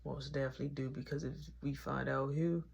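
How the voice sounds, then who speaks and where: A woman's voice: extremely low pitch, fairly even intonation, a little fast, creaky, darkish tone, husky, voice pushed down, full character voice. A woman voicing a defensive young male friend, in a slangy manner.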